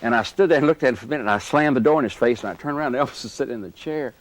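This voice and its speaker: A man being interviewed, telling lively anecdotes and chuckling as he goes. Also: mid-range voice, rapid-fire, no echo. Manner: animated anecdote teller, chuckles through stories. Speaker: interview guest. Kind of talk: storytelling reminiscence.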